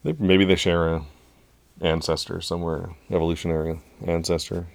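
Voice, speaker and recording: A man with a very deep voice chats casually as a podcast co-host, relaxed and quick to laugh. The sound is dry and close, with no room around it. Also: creaky, dry recording. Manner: relaxed, laughs often, recaps plot. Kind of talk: casual chat recapping a show.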